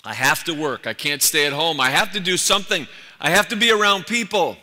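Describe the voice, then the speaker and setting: A man voicing a proud elderly male factory owner with a New York accent, his voice pushed higher and more emphatic than his plain speech. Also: animated, a little fast, sharp tone, big-room sound.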